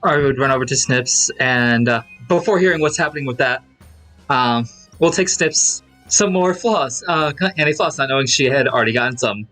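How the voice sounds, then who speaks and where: A man's voice: mid-range voice, normal speed, pushed and bright, soft background music. A man playing a tabletop game, casually and hesitantly describing his character's actions. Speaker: player.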